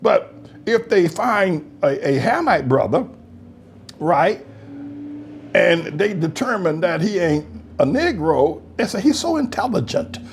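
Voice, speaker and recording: A male pastor giving mocking commentary on comments he reads aloud, laughing often and swinging between loud highs and low mutters. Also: lively intonation, slow, pauses often, slight background noise. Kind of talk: preacher's commentary reading online comments.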